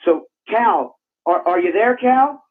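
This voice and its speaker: A man's voice: high-pitched, expressive, slow. A man calling into a radio show with brash mock-announcer comedy bits. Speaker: caller. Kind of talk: comic call-in bit. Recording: tinny phone line.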